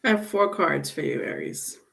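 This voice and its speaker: A woman's voice: mid-range voice, a little slow. A woman giving a live-stream tarot reading, chatting with viewers and calling them by name. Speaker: tarot reader.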